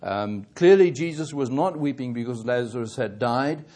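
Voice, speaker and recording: Man, preacher, sermon, halting, self-correcting, emphatic when pressing a point. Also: medium pitch, mellow.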